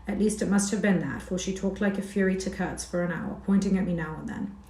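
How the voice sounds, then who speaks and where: A woman's voice: medium pitch, fairly even intonation, fast, a little mellow, natural voice. A woman reading the lines of a nervous, ragged young wanderer, anxious and rambling. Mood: worried. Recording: roomy echo.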